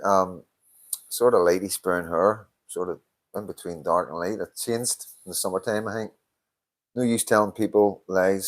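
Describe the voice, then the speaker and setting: An older man hosting a casual live stream, reading out viewer comments, swearing often and sounding tired. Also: deep voice. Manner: swears a lot, tired and yawning. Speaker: livestream host.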